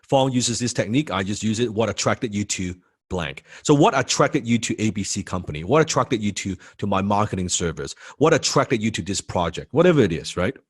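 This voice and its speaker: A male sales trainer teaches a lesson with a lively, swooping delivery. He hammers home key phrases by repeating them and slips into quick impressions of prospects. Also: fairly low pitch, slightly rough.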